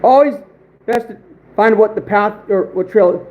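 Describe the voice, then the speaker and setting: A man in his twenties hosting an outdoors livestream, telling stories with a voice that is going hoarse, animated and emphatic, repeating phrases for punch. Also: high-pitched, normal speed, echoey room, phone-quality sound, slight background noise. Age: 20s. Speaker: outdoors channel host. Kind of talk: livestream storytelling.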